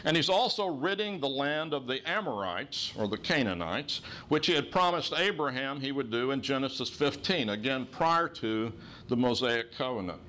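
A man's voice: medium pitch, animated, bright, forceful tone, a little hiss or hum. Man teaching a Bible lesson. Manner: measured, explanatory teaching. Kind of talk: Bible study lecture.

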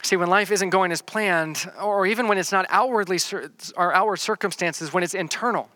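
Bright-voiced man preaching on a psalm. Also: high-pitched, no echo. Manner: reads scripture slowly, then explains with repeated words and restarts. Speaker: pastor. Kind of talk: sermon teaching through a psalm.

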